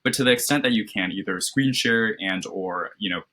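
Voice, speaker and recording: A man with a slightly low, husky voice gives a candidate structured feedback after a mock interview. His tone is bright and encouraging, and he checks in often with "right?". He is speaking over a video call. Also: fairly quick.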